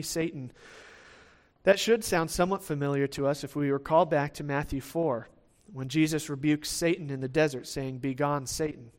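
A man preaching a sermon in a conversational way, often restarting phrases and checking in with the listeners with "right?". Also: on the high side. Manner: acts out the quoted lines of the disciples in lively voices.

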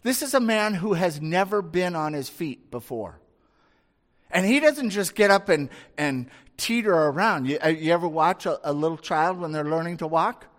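A man preaching a sermon in a relaxed, conversational way, often tossing out rhetorical questions. His voice sits fairly high. A long reverb trails each phrase. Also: moderate pace.

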